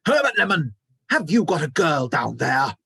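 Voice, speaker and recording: A man reading a storybook aloud and voicing a pompous, fussy male hotel manager in a raised, louder voice. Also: medium pitch, lively intonation, a little slow, slightly rough, no echo, clean studio sound. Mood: angry.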